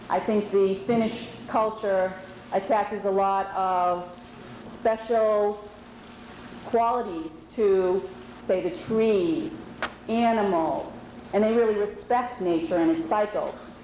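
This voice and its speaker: A woman's voice: mid-range voice, slow pace, darkish tone. A woman in her forties from New England, giving an informal, explanatory talk to a meeting audience. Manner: explanatory, conversational, with fillers. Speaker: presenter at a historical society meeting. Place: indoor lodge meeting hall. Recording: roomy hall recording with faint background noise.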